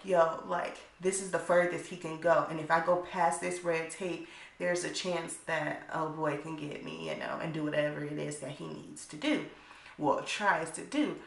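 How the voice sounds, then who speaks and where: Gravelly-voiced woman doing a blunt chatty recap. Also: lowish voice. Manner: chatty, blunt, profane, lots of "like". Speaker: YouTuber reviewing a TV episode. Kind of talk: casual recap chat. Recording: echoey room.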